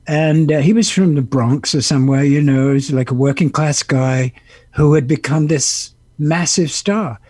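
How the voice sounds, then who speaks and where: Older man, husky, dark mellow voice, animated storyteller, interview guest. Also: a little high, moderate pace, no echo. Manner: animated anecdotes with impressions and laughter. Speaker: guest, actor and musician.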